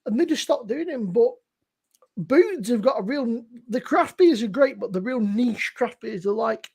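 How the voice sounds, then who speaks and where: A man's voice: extremely high pitch, animated, moderate pace, a little mellow, breathy edge, no room sound. A man chatting casually about beer, rambling and sweary. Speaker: co-host. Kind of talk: casual chat.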